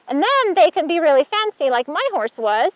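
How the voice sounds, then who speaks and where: A woman's voice: extremely high pitch, sing-song, normal speed, no echo, muffled recording. A woman teaching a horsemanship workshop, talking casually while working with a horse and often praising it. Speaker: horsemanship instructor. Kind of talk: hands-on outdoor lesson demonstration.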